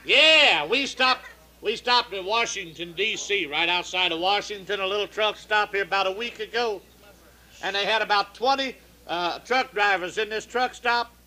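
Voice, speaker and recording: A man's voice: high-pitched, normal speed, sharp tone, low-quality recording. A man with a folksy drawl telling bawdy jokes, acting out the people in them. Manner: folksy drawl, acts out quoted voices. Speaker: comedian telling truck-stop jokes.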